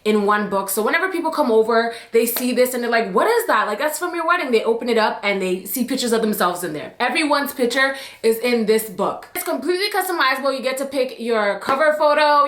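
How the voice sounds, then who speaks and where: A woman's voice: fairly high pitch, a bit bright. Bubbly young woman vlogging in an echoey room. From Jamaica. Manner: bubbly, chatty, emotional, addresses viewers as "you guys". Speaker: YouTube vlogger. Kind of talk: casual story-time vlog with sponsor read.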